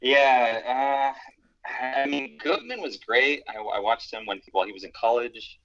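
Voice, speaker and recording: A man from New Mexico, a guest calling in, answering hesitantly with many pauses and uhs. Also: medium pitch, highs cut off, music in the background. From New Mexico, USA. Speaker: guest caller. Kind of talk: casual chat.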